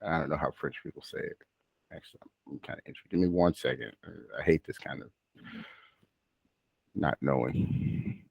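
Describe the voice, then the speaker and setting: A low-voiced, gravelly American man tutors a student one-on-one in speaking practice, coaching with patience at a moderate pace. He often breaks off to correct himself and restart, leaving long pauses. The recording is dry and close, with no room sound or echo.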